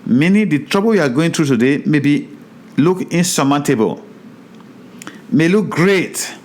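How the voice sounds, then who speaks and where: A man teaching a Bible study in a sermon style, reading scripture aloud and preaching with animated, repeated phrases. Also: a little high. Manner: slows down over hard place names.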